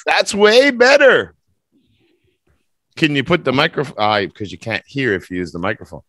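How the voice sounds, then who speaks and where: A man's voice: fairly low pitch, very animated, fast talker, bright, forceful tone, no room sound. Guy teacher joking around on a video call, dry sound. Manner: teasing, playful. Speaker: English teacher. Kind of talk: online speaking test.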